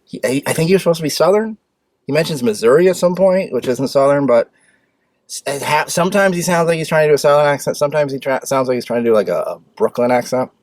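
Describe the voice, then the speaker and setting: A man's voice: on the high side, animated, fast talker, dry recording. A man hosting his own film review show, talking casually and bluntly, rambling with restarts and sudden bursts of speed. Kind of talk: casual opinionated movie review.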